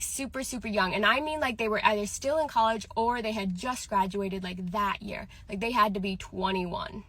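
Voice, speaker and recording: A woman's voice: a little high, a bit bright, no echo. Emphatic woman in her twenties, close and dry. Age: 20s. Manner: frank, emphatic, questioning. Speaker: vlogger. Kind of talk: casual rant to camera.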